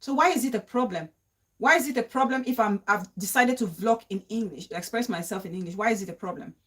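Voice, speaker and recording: On a live-stream vlog, a young adult woman with a Cameroonian accent reads out what viewers have commented. She talks fast in a mid-range, slightly bright voice, stressing her points and turning them around into rhetorical questions.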